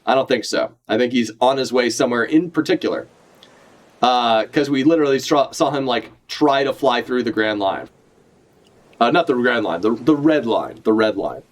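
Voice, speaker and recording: A man's voice: medium pitch, lively intonation, moderate pace. A man chatting casually on a live stream as he reacts to a comic chapter, rambling, swearing freely and correcting himself as he goes. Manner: rambling, profane, self-correcting.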